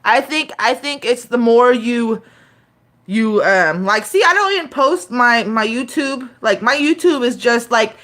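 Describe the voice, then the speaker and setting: A woman in her thirties talking to her live-stream chat in a loose, rambling way. She swears freely and keeps restarting her sentences with fillers. Her voice sits slightly on the high side. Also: lively intonation, unhurried, a bit bright.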